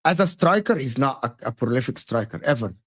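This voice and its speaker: A man's voice: mid-range voice, expressive, brisk, husky. A man co-hosting a casual football livestream, giving blunt opinions on players. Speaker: football stream co-host.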